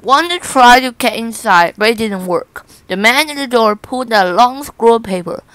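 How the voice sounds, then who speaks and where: A woman reading a children's picture book aloud in a slow, careful manner. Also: a little high, animated, fairly bright tone, no room sound, rough recording. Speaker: storybook reader.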